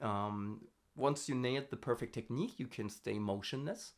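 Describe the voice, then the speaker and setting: A hobbyist harsh vocalist casually explaining scream technique in a video diary, with relaxed, halting explanations between vocal drills. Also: medium pitch.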